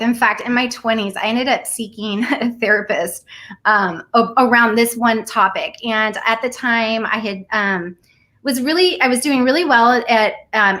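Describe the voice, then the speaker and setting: A woman in her forties tells her story earnestly and with animation. Her voice sits a bit high and rings bright and forceful. She talks in an easy conversational way. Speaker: guest. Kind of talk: casual conversation.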